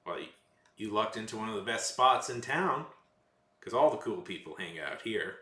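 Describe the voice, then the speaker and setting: A man's voice: lowish voice, lively intonation, moderate pace, sharp tone, slight background noise. Rambling man streaming, roomy echo. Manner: rambling, self-correcting, sarcastic asides. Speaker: livestreamer. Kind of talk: casual chat with live chat.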